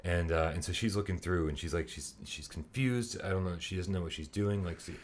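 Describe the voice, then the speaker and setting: A man co-hosting a podcast, telling a story in a casual, animated way, laughing often and swearing freely. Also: low-pitched, a little fast, slight background noise. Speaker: podcast co-host.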